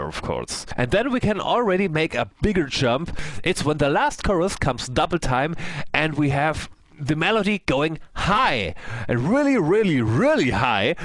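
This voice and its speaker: A man, a music producer, explaining a song mix in his studio in an animated way and laughing at himself often. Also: medium pitch, no echo.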